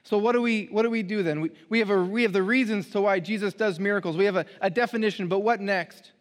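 A man's voice: high voice, quick pace. A man preaching a sermon as pastor, reading scripture aloud and driving home his points with emphasis. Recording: long hall reverb.

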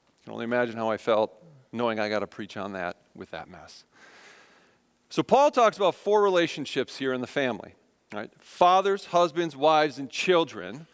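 A man's voice: medium pitch, sing-song, normal speed, clean tone. A man in his thirties preaching a sermon, telling a self-deprecating story and acting out the voices of his family. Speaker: pastor. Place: church sanctuary. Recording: long reverb of a church hall.

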